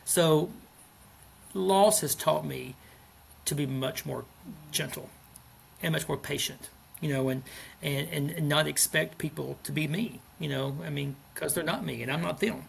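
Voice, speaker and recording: A man in his fifties, a school principal, speaking in a gentle, earnest way during a podcast interview, often restarting his sentences. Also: on the high side, unhurried, creaky, a little hiss or hum. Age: 50s.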